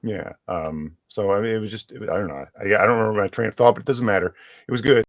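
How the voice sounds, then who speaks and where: A man's voice: lowish voice, quick pace, no room sound. A man chatting casually about a book, rambling with many restarts as he hunts for names. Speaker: guest reviewer.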